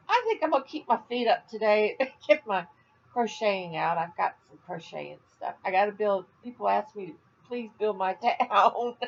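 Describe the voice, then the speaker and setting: Gravelly-voiced chatty older woman. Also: mid-range voice, dull audio, slight background noise. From Florida. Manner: rambling and chatty, laughs often at her own jokes. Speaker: vlogger. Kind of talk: casual chatty vlog. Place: at home, indoors.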